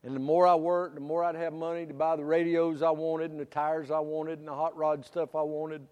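In a muffled recording with a church hall's long reverb, a middle-aged pastor preaches a sermon in a high, ringing voice with little pitch movement. He swings between loud, stretched-out preaching and calm, simple storytelling.

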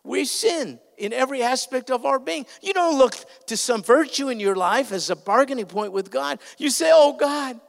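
A man preaching a sermon as pastor, earnest and emphatic, his voice swelling loud on key points. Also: very high-pitched, expressive, moderate pace, creaky, hardly any pauses. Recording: reverberant hall sound.

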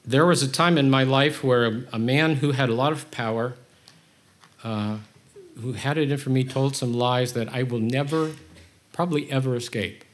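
Speaking at normal speed with a medium-pitched voice, a man gives a conversational sermon. He is open and self-deprecating, and his delivery shifts between subdued and energetic.

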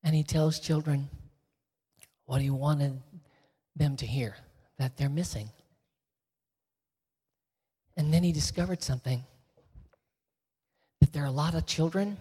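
Texan man guest speaker, husky, storytelling that drops into whispers, long hall echo. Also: a little high, slow pace, pauses often. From Texas. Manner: shifts from lively storytelling to soft emotional whispers. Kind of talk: inspirational storytelling talk.

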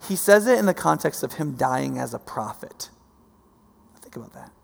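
A man preaching a sermon, animated, swinging from soft to loud and often repeating himself. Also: medium pitch, moderate pace. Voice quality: gravelly. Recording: long hall reverb.

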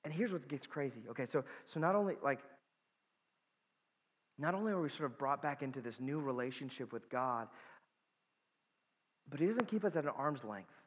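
A man's voice: medium pitch, expressive, moderate pace, pauses often, slightly rough, long reverb tail. A man preaching a sermon as pastor, earnest and emphatic, repeating key words for weight and dropping in casual asides.

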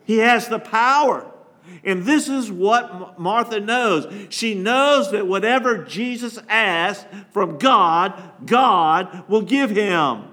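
A man's voice: high-pitched, lively intonation, slow, bright, forceful tone. A man pastor preaching a sermon, reading scripture and asking the congregation to call out words.

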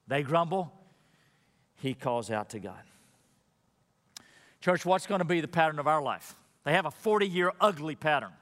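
A man preaching a sermon as a pastor, emphatic, building up loud then dropping to a hushed, prayerful voice. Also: on the high side. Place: church sanctuary. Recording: long reverb of a large hall.

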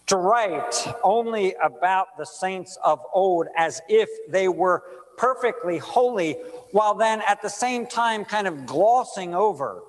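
A man preaching a sermon as pastor, reading scripture, praying and asking his listeners rhetorical questions in a measured way. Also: high-pitched. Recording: long reverb of a large room.

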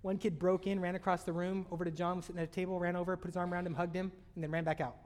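A man preaching a sermon, with sudden loud swells and soft drops in his voice. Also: high voice, flat delivery, racing. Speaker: pastor. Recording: long hall reverb.

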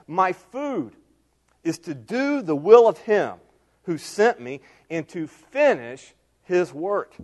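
A middle-aged male pastor preaching a sermon, moving between soft asides and raised, emphatic lines. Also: high-pitched, sing-song, takes it slowly.

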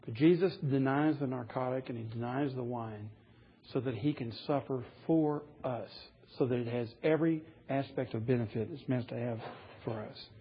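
A man's voice: medium pitch, normal speed, slightly rough, highs cut off. A man preaching a sermon, earnest and rising to emphatic passages as he reads scripture aloud. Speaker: pastor.

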